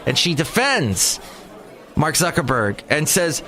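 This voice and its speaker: A man's voice: on the high side, big pitch swings, measured pace, a bit bright. A man in his forties hosting a solo podcast, rambling with jokes and asides. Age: 40s. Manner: rambling, joking, wandering asides. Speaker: podcast host. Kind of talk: casual solo monologue. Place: small hot room.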